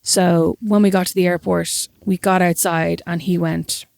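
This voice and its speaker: A young Irish woman co-hosting a podcast, telling a story in a lively, self-mocking way. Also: lowish voice, measured pace, vocal fry, no echo. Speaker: podcast co-host. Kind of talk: casual chat, storytelling.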